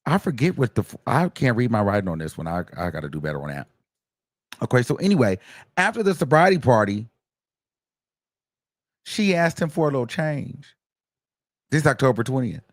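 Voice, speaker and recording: A man hosting a casual gossip commentary, recapping courtroom testimony in an animated, chatty way. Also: mid-range voice, brisk, pauses often, no room sound, clean studio sound. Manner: animated, gossipy, acts out quoted texts in a raised voice. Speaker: commentary host.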